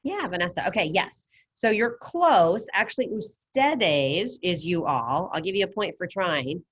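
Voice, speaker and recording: Over a video call on a computer mic, a woman teaches an online Spanish lesson, patiently and encouragingly explaining each step. Her voice is on the low side with lively intonation and a breathy edge, her pace unhurried, and the highs are cut off.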